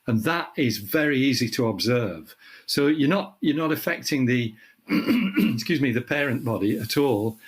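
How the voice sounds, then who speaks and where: An older man from the UK, with a frog in his throat, explaining space science in casual chat and clearing his throat often. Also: mid-range voice, animated, moderate pace. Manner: thoughtful, restarts phrases, clears throat often. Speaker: astronomy guest expert.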